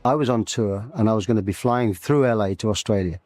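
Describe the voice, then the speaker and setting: A man's voice: lowish voice, quick pace, a little mellow, faint music behind. A man from England being interviewed, telling chatty stories and acting out quoted dialogue. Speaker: musician interviewee. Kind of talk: anecdotal interview recollection.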